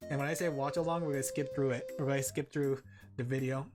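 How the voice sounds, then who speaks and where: A woman's voice: a bass voice, fairly even intonation, fast talker, over music. Giggly Australian woman streamer. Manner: playful and giggly, joking dramatically with chat. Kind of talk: casual stream chat with viewers.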